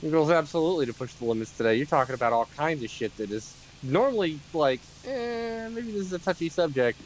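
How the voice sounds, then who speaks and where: A man's voice: a little high, animated, fast talker, slight background noise, rough recording. A man hosting his own game stream, teasing his friends in casual chat. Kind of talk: casual chat while gaming.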